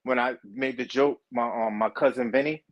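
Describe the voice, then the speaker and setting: A man, chatting casually as co-host in an animated, profane, mocking way. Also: mid-range voice, moderate pace, dull audio. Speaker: co-host reacting to trial footage. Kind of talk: casual chat.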